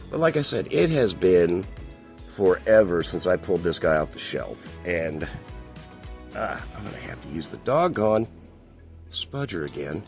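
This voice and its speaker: A man's voice: low voice, creaky. A man casually reviewing a collectible toy, chatty and rambling, with a chuckle now and then. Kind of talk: casual toy review while handling a figure.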